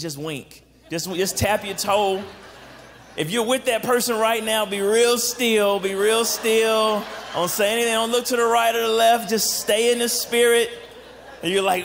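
Joking preacher man in a reverberant hall. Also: high voice. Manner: joking, animated, asks the congregation questions. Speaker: guest preacher. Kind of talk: sermon on dating. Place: church sanctuary.

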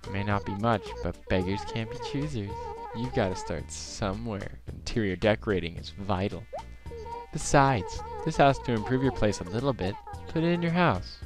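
A man's voice: fairly low pitch, animated, moderate pace, over music, lightly acted. A man doing a snooty lady cat. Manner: condescending and teasing. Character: snooty, catty female cat villager.

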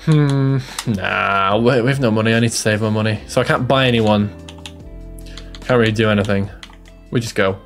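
A man's voice: fairly low pitch, normal speed, faint music behind. A young Irish man giving casual, jokey live commentary on a game, self-deprecating and chatty. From Ireland. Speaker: streamer.

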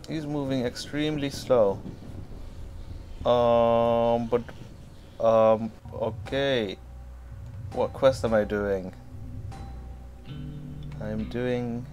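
Slow-talking, swearing male gamer. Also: mid-range voice, faint music behind. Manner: swearing, excitable, talks back to game characters. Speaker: gamer playing through a game. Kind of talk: casual let's-play commentary.

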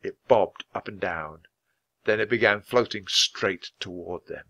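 A man reading a children's chapter book aloud at a natural, clear pace. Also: low voice, a little slow, bright, forceful tone, dull audio. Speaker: storybook reader.

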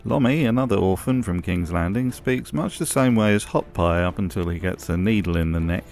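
A British man narrates a commentary video in a lowish voice, dry and mocking. Music plays faintly behind him. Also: animated, a little fast, darkish tone. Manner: wry, mocking asides. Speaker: video essay host. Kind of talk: scripted commentary.

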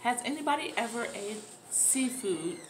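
A woman's voice: on the high side, expressive, normal speed, a little hiss or hum. A woman hosting an eating video from home, chatting casually to camera and talking with her mouth full between bites. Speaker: mukbang host. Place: at home with children nearby.

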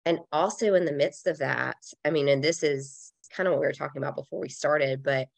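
Podcast guest: woman, thirties, low gravelly voice, earnest and reflective, close dry mic. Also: a little fast, no echo. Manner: earnest, reflective, with casual fillers like "like". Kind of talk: heartfelt conversational interview.

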